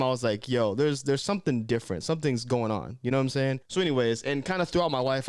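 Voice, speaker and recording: Young male vlogger, quick slangy storytelling, smooth clear voice, dry close sound. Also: mid-range voice, no room sound. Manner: slangy, animated, conversational. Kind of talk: casual storytelling.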